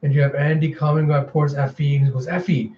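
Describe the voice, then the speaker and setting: A man casually reading through a comic book, retelling the story in an animated way with lots of filler words. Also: a little high, fast talker, highs cut off. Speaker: comic reviewer. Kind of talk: casual comic readthrough with voices.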